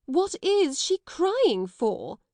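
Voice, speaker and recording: A woman voicing a stern, stately headmistress who speaks in a severe, loud manner in a storybook reading. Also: mid-range voice, very animated, normal speed, gravelly, no echo.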